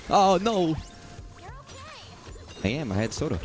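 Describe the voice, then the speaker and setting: Speaking slowly in a sing-song, medium-pitched voice that's a little mellow, this young male game streamer from the southern US delivers profane, meandering let's-play talk with jokey asides. Game music is faintly audible.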